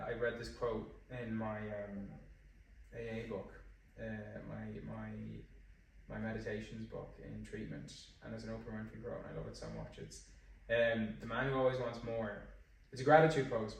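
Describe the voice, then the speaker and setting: A man's voice: lowish voice, flat delivery, normal speed, creaky, a little hiss or hum. Rambling Irish man in an echoey room. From Ireland. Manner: rambling, restarts sentences, heavy use of "like". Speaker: fitness coach and guest. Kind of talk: casual podcast conversation. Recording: very echoey room, distant mic.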